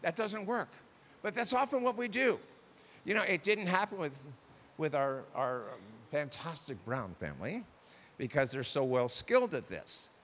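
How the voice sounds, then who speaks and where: Male pastor, animated sermon delivery, high and expressive, long hall reverb. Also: moderate pace. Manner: animated, acts out quoted spouses. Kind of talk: sermon on marriage communication.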